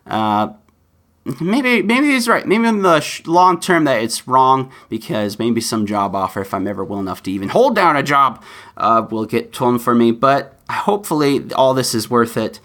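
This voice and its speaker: A man's voice: medium pitch, lively intonation, normal speed, a bit bright. A man hosting a solo podcast, talking earnestly and pleading with listeners, with plenty of fillers along the way. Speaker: podcast host.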